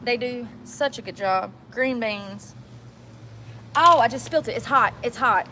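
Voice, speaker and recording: A woman vlogs outdoors into a handheld phone, chatting to herself in a blunt, slangy way. Her voice sits a little high for a woman. Wind and passing cars are clearly heard around her. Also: measured pace, pushed and bright, poor audio. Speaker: vlogger. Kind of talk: casual self-talk vlog. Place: outdoors on a windy street. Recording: wind and traffic noise outdoors.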